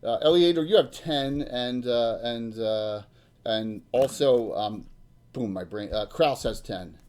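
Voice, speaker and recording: A man running a tabletop game as dungeon master, halting and full of ums. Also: mid-range voice, a little mellow.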